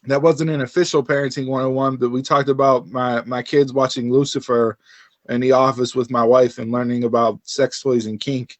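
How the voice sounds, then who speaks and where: A man's voice: medium pitch, moderate pace, no room sound. Chatty male podcast host, dry sound. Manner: animated storyteller, acts out quotes. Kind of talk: casual podcast chat.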